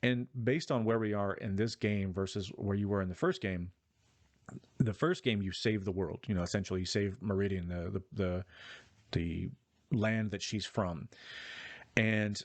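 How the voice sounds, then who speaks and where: Low-voiced man ranting about a game. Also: moderate pace, dry recording. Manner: rambling, profane, opinionated. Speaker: gaming vlogger. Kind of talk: casual spoken game review.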